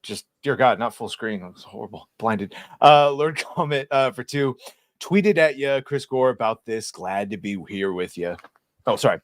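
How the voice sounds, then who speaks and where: Guy cohost reading out chat msgs, really animated pitch, dry close sound. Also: unhurried, no echo. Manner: animated, reads viewer chats aloud. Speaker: co-host. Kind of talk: livestream chat.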